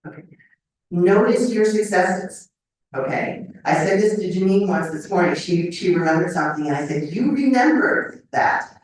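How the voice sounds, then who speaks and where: An older woman with a fairly low voice lectures to a live audience, keeping it conversational and often checking in with "okay?". She sounds set back from the mic, and a strong echo fills the hall around her. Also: fairly even intonation, normal speed, a little mellow. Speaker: memory lecturer. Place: lecture room. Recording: echoey hall mic from a distance.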